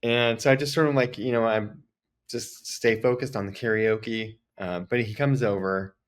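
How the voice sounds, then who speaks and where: A man with a fairly low voice tells a story as a podcast host. He talks in a loose, chatty way and fills his sentences with "like" as he goes. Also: steady tone, moderate pace, clear, resonant tone. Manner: chatty, frequent "like" fillers. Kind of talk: casual storytelling.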